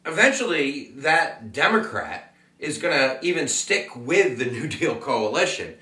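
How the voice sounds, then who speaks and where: A man's voice: medium pitch, big pitch swings, a little slow, sharp tone, reverberant, distant mic. A man giving a casual, jokey classroom lecture with plenty of fillers. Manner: chatty, jokey, full of fillers. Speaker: teacher.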